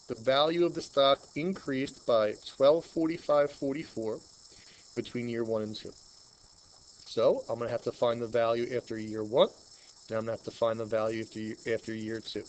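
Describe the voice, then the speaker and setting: Chatty Long Island math teacher. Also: male voice, medium pitch, a little mellow, slight background noise, low-quality recording. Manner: chatty, thinks aloud while working problems. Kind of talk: screen-recorded math lesson.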